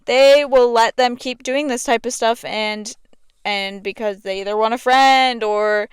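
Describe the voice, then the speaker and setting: A young woman talking casually into her podcast mic, her voice a touch high, smooth and clear. She rambles in a chatty way, with "like" scattered all through her sentences, and the sound is dry and close. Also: steady tone, measured pace, no room sound. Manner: chatty, fills speech with "like". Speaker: podcast host. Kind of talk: casual chat.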